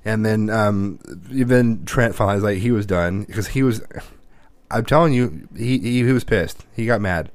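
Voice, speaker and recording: Brief: a low-voiced father talking casually, rambling and profane, recorded dry. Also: moderate pace, no room sound. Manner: rambling, profane, with many restarts. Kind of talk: casual chat.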